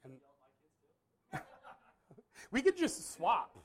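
Sitting high with huge swings in pitch, his slightly rough voice stretches words out. The speaker, a thirtysomething pastor, shares a personal anecdote in a loose, rambling way, candid and self-mocking, breaking into laughs frequently.

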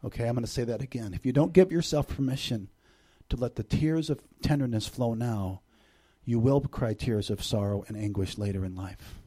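A middle-aged man delivers a sermon to a church congregation in an ordinary, mid-pitched voice. He is animated, jumping from loud, high bursts down to quiet, close passages. He keeps it conversational, with joking asides to the room. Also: moderate pace, breathy edge. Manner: animated, swings between loud bursts and hushed intimate passages. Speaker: visiting preacher.

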